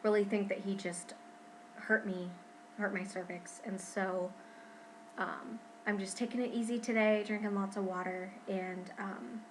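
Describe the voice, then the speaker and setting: A young woman talking casually to her camera at home in a pregnancy vlog, chatty and expressive, often saying "freaking". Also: mid-range voice, unhurried, slight background noise, rough recording. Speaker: vlogger.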